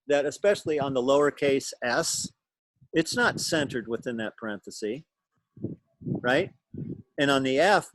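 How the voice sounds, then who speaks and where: A male teacher explains a point step by step to his class. He sounds patient and thinks aloud as he goes, at an ordinary middle pitch. He comes through a video call with a dry, close sound and no room echo. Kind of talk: lecture to a class.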